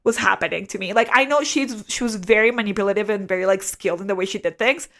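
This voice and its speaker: A young adult woman telling a story as a podcast co-host, animated, swearing freely and saying "like" a lot. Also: medium pitch, fast talker. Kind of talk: casual storytelling chat.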